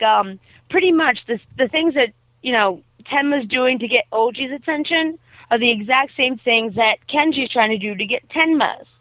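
A woman's voice: high voice, dry recording. A woman chatting casually and rambling animatedly as she retells a show's plot, with lots of fillers. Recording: tinny phone-like dry sound.

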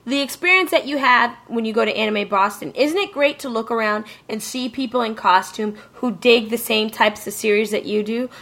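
A woman's voice: a little high, fairly bright tone. Emphatic woman ranting casually. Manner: emphatic, ranting, swears freely. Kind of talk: casual chat.

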